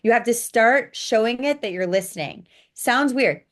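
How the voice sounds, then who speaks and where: A woman spiritual coach, a podcast guest, telling client stories in an animated, blunt way, swearing casually and acting out quotes. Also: a little high, normal speed. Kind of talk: interview storytelling.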